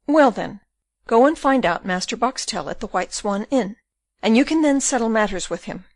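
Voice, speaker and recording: A woman's voice: a little high, lively intonation, normal speed, dry recording. A woman reading an audiobook, voicing a pompous, genteel middle-aged male burgomaster who talks down to people. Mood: condescending. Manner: pompous, condescending.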